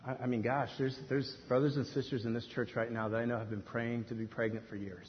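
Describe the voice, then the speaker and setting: Animated pastor preaching in an echoing hall. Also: male voice, medium pitch, a little fast. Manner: animated storytelling, swings between hushed asides and near-shouts. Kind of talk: sermon. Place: church sanctuary. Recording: dull sound in a reverberant hall, faint noise.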